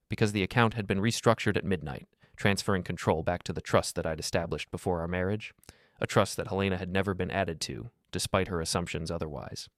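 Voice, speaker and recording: Deep male narrator, dry booth sound, measured and calm first-person storytelling. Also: dry recording.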